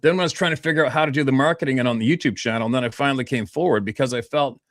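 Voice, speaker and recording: Interview guest, male, 50s, from Vancouver Island; blunt and profane, animated storyteller, dry sound. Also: medium pitch, racing, no echo. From Vancouver Island, Canada.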